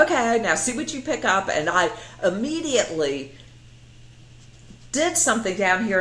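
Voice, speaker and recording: Brief: middle-aged woman, low voice, animated storyteller, roomy echo. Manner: animated, acts out quoted voices, laughs often. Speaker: interview guest, psychiatrist. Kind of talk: casual storytelling in an interview. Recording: echoey room.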